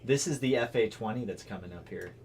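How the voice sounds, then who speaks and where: A man hosting a car livestream, chatting casually and excitedly calling out viewers' names. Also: fairly low pitch, fairly quick, slight background noise. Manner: excitable, shouts out chat names. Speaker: car channel host.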